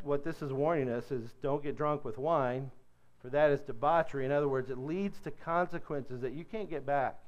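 A middle-aged man from Kentucky teaches a church workshop on addiction, chatting with the room and putting questions to his listeners. His voice sits a little high for a man and sounds smooth and resonant. The recording is dull and lo-fi. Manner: conversational, asks the audience questions.

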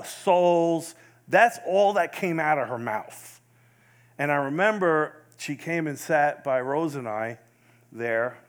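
Earnest man telling a faith story. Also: medium pitch. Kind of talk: storytelling testimony.

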